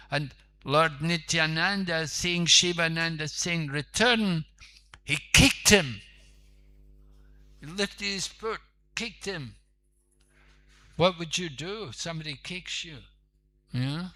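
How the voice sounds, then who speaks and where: A man's voice: fairly high pitch, bright, forceful tone. A man, a monk preacher, telling a sacred story in a conversational sermon with asides.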